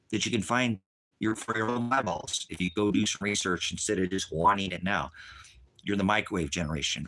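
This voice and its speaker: A homesteading teacher on a livestream goes after a viewer in the chat, insulting and repeating himself and faltering in anger, his lowish voice carrying a sharp edge.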